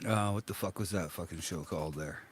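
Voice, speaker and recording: A man's voice: low voice, a little fast. A Canadian man with a Canadian accent in casual chat, rambling, swearing often and laughing.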